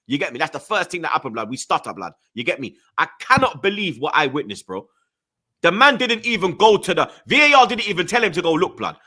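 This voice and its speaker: Ranting young London man, lively bright voice. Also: a little high, quick pace. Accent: London multicultural English. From Jamaican heritage, London. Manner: animated ranting, slang-heavy, stutters when angry. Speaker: football podcast host. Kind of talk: heated casual football chat.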